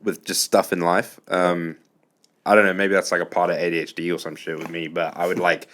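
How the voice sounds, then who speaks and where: Man, very deep voice, podcast host, laid-back casual chat, swears casually. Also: flat delivery, a little fast, a bit bright.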